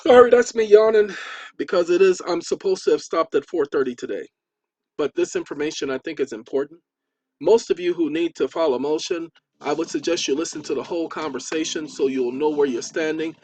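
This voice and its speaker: High-voiced chatty man lecturing viewers. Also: fairly quick, darkish tone, no echo. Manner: chatty, repeats for emphasis, talks while typing. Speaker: channel host.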